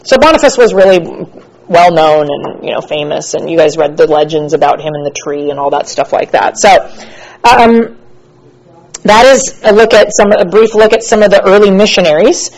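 An American woman teaching church history in a casual lecture, chatty and relaxed with frequent fillers and asides. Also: fairly low pitch, normal speed, poor audio.

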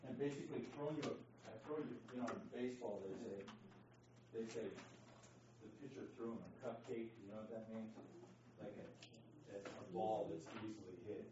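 A man's voice: medium pitch, a little fast, darkish tone, slight background noise. A man leading an interactive Bible lesson, speaking emphatically, quizzing his class and often checking in with "okay?". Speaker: Bible study teacher. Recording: echoey room, distant dull mic.

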